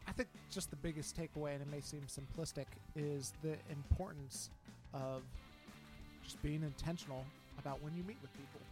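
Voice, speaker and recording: A man's voice: fairly high pitch, fairly even intonation, moderate pace, darkish tone, soft background music. A man co-hosting a podcast in casual chat, speaking earnestly in simple phrases with fillers. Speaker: podcast co-host.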